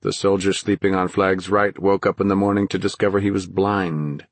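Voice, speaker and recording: A man narrating a fantasy audiobook in a measured, dramatic storytelling manner. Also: sits low, little pitch movement, dry recording.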